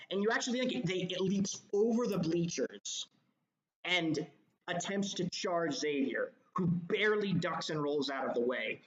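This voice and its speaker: A man's voice: fairly high pitch, a bit bright. A man running a tabletop game as game master, narrating descriptively with frequent ums, in an echoey, dull lo-fi recording. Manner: rambling descriptive narration with fillers.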